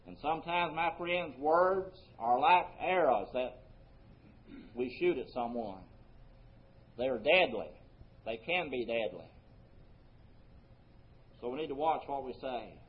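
A man preaching a sermon earnestly, his voice rising for emphasis and then dropping soft. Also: mid-range voice, expressive, takes it slowly, pauses often. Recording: muffled lo-fi recording.

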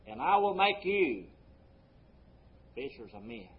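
A man's voice: on the high side, big pitch swings. Man preaching a sermon, dull lo-fi recording. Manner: preaching with sudden loud emphasis and slowed-down quotes. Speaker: pastor.

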